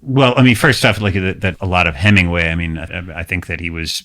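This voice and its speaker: A man with a low voice talks quickly but haltingly, restarting his sentences often. He speaks in a relaxed, casual conversational way. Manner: hesitant, many restarts and fillers.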